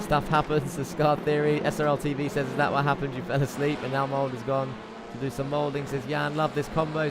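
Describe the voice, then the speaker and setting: A man hosting live sim racing commentary in a chatty, excitable way, reading out viewer chat between the action. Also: medium pitch. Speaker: race commentator and host. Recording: game car engine noise underneath. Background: racing car engine noise.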